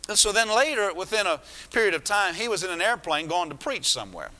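A man's voice: high voice, very animated, quick pace, sharp tone. A man preaching a sermon, retelling a story with many restarts and asides. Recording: echoey hall.

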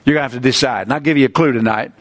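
A man preaching a sermon, animated, climbing in pitch on his points and chatting loosely between scripture readings. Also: rapid-fire. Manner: animated preaching, rising pitch on emphasis, asides and restarts.

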